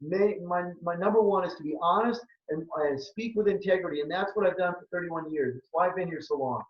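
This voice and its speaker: A fairly high-voiced man in his fifties, a doctor presenting a webinar, telling a personal story and making a pitch in an earnest, emotional way. He sits back from the mic, and the sound is dull and muffled in a room that rings with echo. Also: fairly quick, distant mic. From Minnesota, United States. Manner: earnest, emotional, repeats phrases for emphasis.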